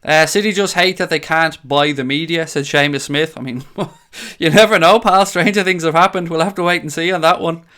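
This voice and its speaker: A man hosting a casual fan livestream from a green-screen home studio, reading chat aloud, excitable and swearing freely. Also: a little high, brisk. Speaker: fan channel host reading live chat.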